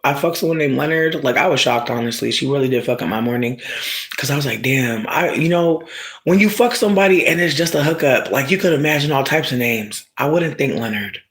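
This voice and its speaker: Casual storytelling streamer, profane, animated, shouts loudly at times, mid-pitched voice. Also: brisk. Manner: asides to the audience. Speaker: streamer talking to viewers.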